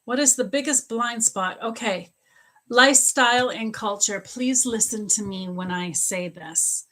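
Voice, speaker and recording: Speaking a little slowly in a fairly high, sharp-toned voice, this middle-aged woman gives psychic readings on a live stream. She answers viewer questions, speaking directly to people by name, and tends to repeat herself and laugh often.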